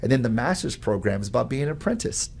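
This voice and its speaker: A man who teaches at a college, explaining his ideas on learning in an animated, storytelling way and often adding "right?". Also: medium pitch, quick pace, gravelly, slight background noise. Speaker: professor. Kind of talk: conversational explanation.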